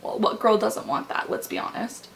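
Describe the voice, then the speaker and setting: A young woman vlogger telling a personal story in a candid, halting way, full of likes and restarts, recorded on a camera mic in her room. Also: slight background noise, rough recording. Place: bedroom with window open.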